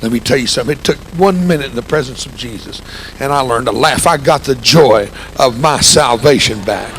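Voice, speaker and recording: A man in his sixties with a gravelly, grumpy-sounding voice, giving an impassioned, folksy testimony sermon with humor as a church guest speaker. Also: mid-range voice, a little fast, fairly bright tone, a little hiss or hum, poor audio. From United States. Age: 60s. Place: church sanctuary.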